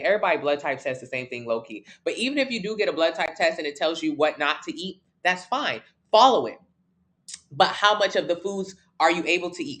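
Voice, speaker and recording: A woman's voice: fairly low pitch, animated, brisk, fairly bright tone. A woman fitness coach answering viewers live, blunt and emphatic, repeating key points in casual slang. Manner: casual slang-heavy talk.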